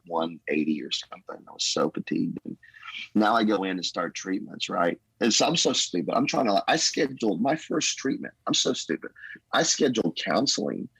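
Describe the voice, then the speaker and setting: Middle-aged male pastor, low husky voice, folksy rambling testimony, dry close sound. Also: fairly bright tone, dry recording, rough recording. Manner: earnest, rambling, folksy testimony with 'man' fillers. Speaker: pastor, podcast guest. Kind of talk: casual conversational storytelling.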